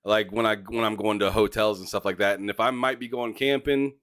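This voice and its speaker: A man's voice: lowish voice, steady tone, a little fast, fairly bright tone, clean tone. A man hosting a casual gaming interview, laughing often and restarting his sentences. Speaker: podcast host.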